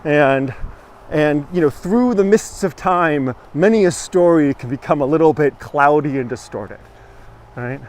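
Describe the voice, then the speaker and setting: A man's voice: a little high, a little slow, darkish tone. A man hosting a live walking tour outdoors, chatting and joking while answering viewer comments. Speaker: tour guide host. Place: outdoors on a village street with passing trucks.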